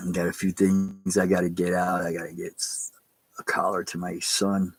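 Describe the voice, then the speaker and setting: A man's voice: fairly low pitch, creaky, fairly bright tone, husky, dry recording, low-quality recording. A man, a pastor, giving a casual, rambling sermon in plain spoken words with some mild cursing. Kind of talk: casual streamed sermon talk.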